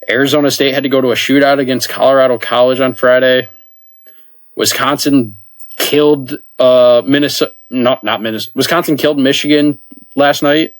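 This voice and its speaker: A man's voice: medium pitch, steady tone, fairly quick, no echo. A man co-hosting a podcast in casual chat, chatting through a list of results. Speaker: podcast co-host.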